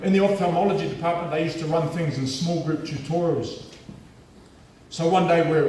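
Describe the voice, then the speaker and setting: A man with a New Zealand accent giving a lively, humorous storytelling speech as a guest speaker at a school assembly. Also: a little high, slight background noise. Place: large school hall. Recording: echoey hall from far off.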